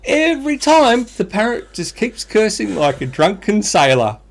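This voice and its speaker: A man co-hosting a podcast, telling a dad joke with animated storytelling. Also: high voice, moderate pace, gravelly. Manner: animated storytelling, laughs at own jokes. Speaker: podcast co-host.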